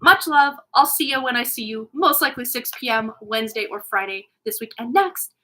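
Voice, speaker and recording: Middle-aged woman, livestream host, bright clear voice, slightly high, rambling and giggly. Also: expressive, brisk, rough recording. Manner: rambling, giggly, self-deprecating. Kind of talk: casual livestream chat.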